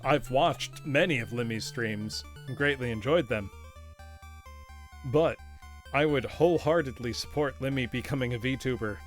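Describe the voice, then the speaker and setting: A male streamer talks his way through a retro game at mid pitch, loose and playful, breaking into laughter as he chats. He calls his viewers "class" like a teacher, with faint game music playing under his voice. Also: normal speed. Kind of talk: live gaming commentary.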